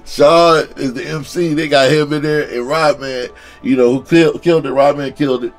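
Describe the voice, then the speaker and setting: A man's voice: fairly high pitch, steady tone, moderate pace, soft background music. A male comedian telling a story in a loose, profane, casual way, often laughing and saying "you know".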